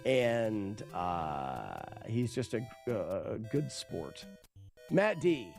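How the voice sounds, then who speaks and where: A man's voice: lowish voice, very animated, very slow, creaky, darkish tone, faint music behind. A man streaming a game and commenting casually, rambling and self-mocking, often laughing and swearing. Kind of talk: casual live gameplay commentary.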